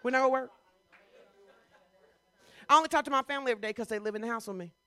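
A female pastor delivers a sermon in a chatty manner, peppering it with rhetorical questions and building to loud, forceful outbursts. Her voice is slightly high and she talks very quickly.

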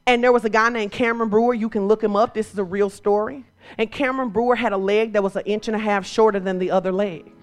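A woman preacher delivering a sermon, moving from quiet storytelling to shouted exhortation. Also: medium pitch, fairly even intonation, fast, faint music behind.

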